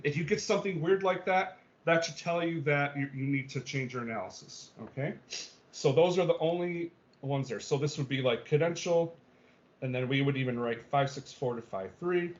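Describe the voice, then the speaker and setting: A man's voice: a little high, normal speed. Man teaching over a dull video call. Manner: explanatory, frequent okays and ums, checks for understanding. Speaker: music theory teacher. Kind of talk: online class lecture.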